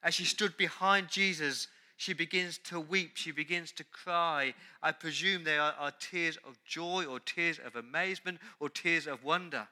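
A man's voice: a little high, steady tone, moderate pace, hardly any pauses, sharp tone. A man preaching a sermon as pastor, earnest and emphatic, repeating key words.

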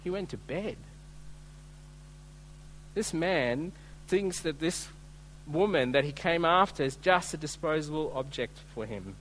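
A man's voice: a little high, animated, a little slow, pauses often, fairly bright tone, slight background noise, poor audio. A man preaching an earnest, emphatic sermon, acting out quoted voices as he retells a scripture passage.

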